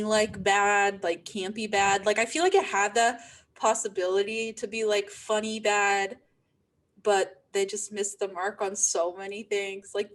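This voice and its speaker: A young woman co-hosting a podcast, chatting emphatically with many fillers. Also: medium pitch. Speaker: podcast co-host. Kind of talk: casual chat.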